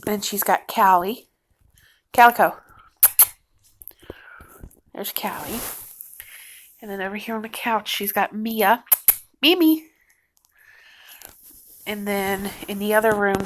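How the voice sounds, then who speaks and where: A young woman speaks slowly and gently, often dropping to a near whisper. She pauses and restarts as she tries to hold back tears. A faint noise sits under her voice indoors. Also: mid-range voice, steady tone, poor audio. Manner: soft, halting, on the verge of tears. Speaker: vlogger. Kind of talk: emotional personal vlog. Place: a house, indoors.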